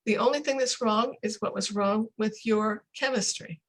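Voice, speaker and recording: An older woman, a speech coach, explaining pronunciation in a casual interview over a video call, slowing down to demonstrate sounds. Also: medium pitch, low-quality recording. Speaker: accent coach.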